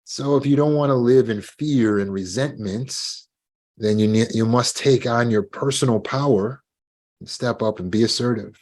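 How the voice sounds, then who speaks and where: A man giving a talk on trauma recovery, calm and gentle, now and then acting out short sample dialogues. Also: mid-range voice, moderate pace. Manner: gentle, acts out sample dialogues with lively shifts. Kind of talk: instructional talk.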